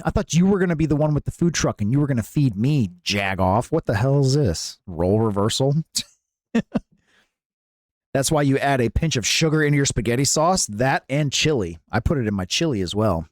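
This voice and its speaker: A man's voice: mid-range voice, no room sound, studio quality. A man hosting a live stream, chatting casually with viewers in a playful, jokey way and often laughing.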